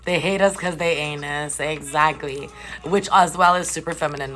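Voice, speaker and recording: A woman live streaming from a hotel room, ranting casually and profanely to her viewers in an incredulous, animated way. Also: deep voice, moderate pace, soft background music. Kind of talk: casual chat.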